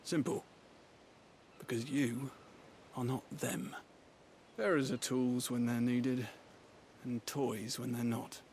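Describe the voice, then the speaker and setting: An actor playing a weary, cynical man who buries the dead, speaking in a calm, dry, sardonic way. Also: mid-range voice, slow pace, pauses often, slight background noise. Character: weary cynical male gravedigger in service.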